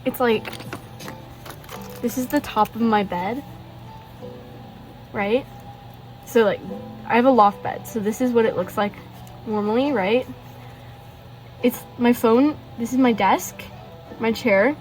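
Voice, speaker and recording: Chatty, gushing young woman with a highish voice. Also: takes it slowly, pauses often, darkish tone, soft background music, poor audio. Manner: chatty and gushing, with fillers and rambling asides. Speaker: artist showing her sketchbook. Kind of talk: casual sketchbook tour. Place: bedroom at a desk. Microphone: phone hanging above the desk.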